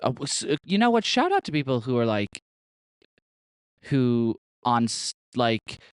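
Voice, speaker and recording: Brief: young male podcast host, smooth clear voice, dry close sound, excitable and sweary. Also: mid-range voice, unhurried, dry recording. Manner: chatty and gushing, full of "like" and swearing. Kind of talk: casual chat.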